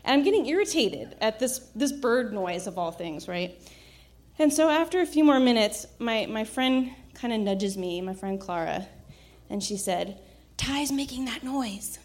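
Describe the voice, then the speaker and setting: A woman telling a personal story in a casual, reflective way, with frequent fillers, restarts and soft laughs. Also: mid-range voice, animated, normal speed.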